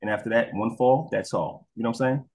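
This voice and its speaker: A man telling stories in a casual interview as a guest. He swears freely and acts out dogs and people in quick voices. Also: medium pitch, a little mellow. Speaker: guest, crime scene investigator. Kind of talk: animated storytelling in casual interview.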